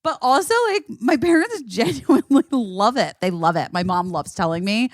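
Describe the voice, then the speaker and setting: A woman's voice: on the high side, lively intonation, moderate pace, dry recording, studio quality. A woman hosting a podcast in casual chat, talking loosely with lots of fillers and laughter. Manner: chatty, laughs often, many fillers. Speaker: podcast host.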